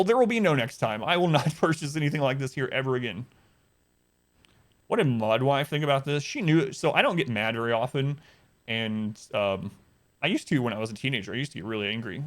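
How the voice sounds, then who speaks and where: A man telling an exasperated story on his live stream, animated and acting out the people he quotes. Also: mid-range voice, a little fast. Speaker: livestreamer.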